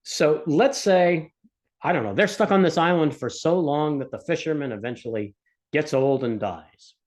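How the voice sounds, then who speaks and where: A male economics instructor talks through a lesson in a recorded lecture. He explains casually, slipping in jokes and telling a story. His voice sits a bit high for a man. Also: normal speed.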